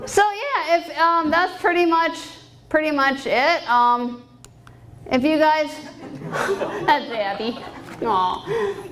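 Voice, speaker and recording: Speaking at a moderate-to-slow pace with a medium, slightly bright voice, this Canadian private pilot in her thirties gives a frank, cheerful personal talk as a guest speaker at a fundraising banquet. She laughs frequently, and the banquet-hall recording is rough.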